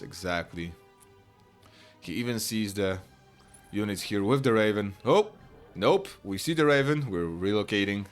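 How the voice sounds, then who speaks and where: A man casting a real-time strategy match live, chatty and quick to burst into excited shouts. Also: low-pitched, clean tone. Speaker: esports caster. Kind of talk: live play-by-play game commentary.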